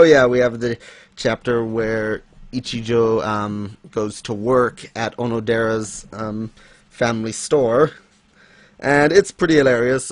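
A man's voice: medium pitch, dry recording. A man hosting a casual manga chat, rambling with fillers and light laughs. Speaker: podcast host.

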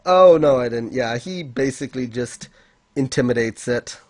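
A man's voice: mid-range voice, normal speed, a little mellow, no room sound. A man chatting casually, recapping an anime episode, laughing often and acting out the characters' lines. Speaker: anime podcast co-host.

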